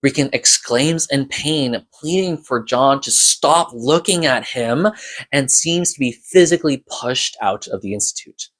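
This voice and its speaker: A man of ordinary pitch reading prepared commentary on a horror audio drama. He sounds measured and explanatory, laying out his points steadily like a reviewer working through his notes. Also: fairly bright tone. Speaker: podcast episode reviewer. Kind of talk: scripted analytical commentary.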